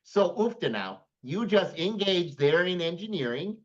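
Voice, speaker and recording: A man's voice: high voice, animated, measured pace. A man putting on a folksy older man's voice with a Minnesota accent, hearty and drawn out, heard through dull lo-fi stream audio. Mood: jolly.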